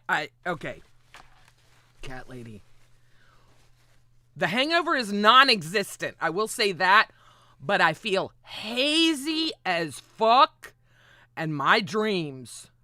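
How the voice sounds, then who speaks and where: A woman hosting a livestream in casual, rambling chat, excitable and often swearing. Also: mid-range voice, takes it slowly, long pauses, no echo, clean studio sound. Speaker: livestream host.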